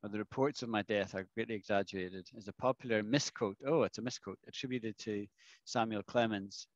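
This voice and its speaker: In a fairly low voice, a male English teacher patiently explains material to his class and frequently checks whether the students follow. The audio is dry, dull and lo-fi, without room sound.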